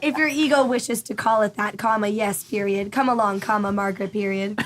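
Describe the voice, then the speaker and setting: A woman's voice: mid-range voice, fairly even intonation, a little fast, close to an everyday voice. A woman reading a haughty, scolding part at a table read, dry and cutting, saying the punctuation aloud. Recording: distant voice over loud noise.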